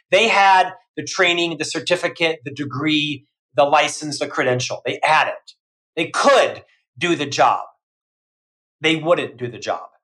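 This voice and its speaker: A middle-aged man, a guest on a podcast, talking loudly and emphatically in energetic bursts of lists. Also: on the high side, poor audio. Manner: loud, emphatic, listing in bursts. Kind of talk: energetic interview talk.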